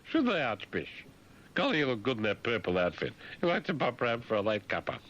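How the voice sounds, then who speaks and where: A man's voice: medium pitch, wildly swooping pitch, brisk, fairly bright tone, dull audio, a little hiss or hum, voice pushed up. A man putting on the voice of a prim, haughty elderly queen, fussy and scolding.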